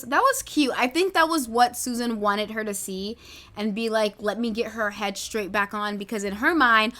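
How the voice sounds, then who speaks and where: A woman's voice: medium pitch, bright, forceful tone. A young woman from the United States casually narrating a life-simulation game story, chatting and slipping into quoted lines for her characters. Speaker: Sims let's play creator.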